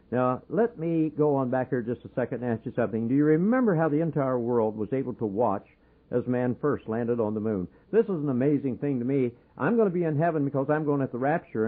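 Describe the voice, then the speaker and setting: A man preaching a fervent sermon on the radio, pleading and rising to loud exhortation, with a husky voice. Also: medium pitch. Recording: tinny phone-like radio broadcast.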